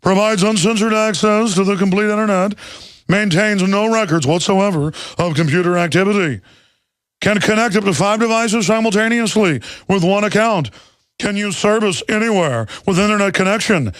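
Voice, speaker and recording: A man doing an impression of a blustery male TV announcer, booming through a radio ad read. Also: moderate pace, dry recording, lightly acted. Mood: hammy.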